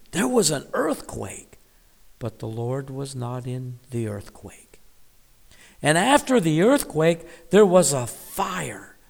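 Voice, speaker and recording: Slow, reflective man teaching the Bible. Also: medium pitch, gravelly, long reverb tail. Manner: reflective, drops to a whisper on key words. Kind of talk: devotional Bible reading and reflection.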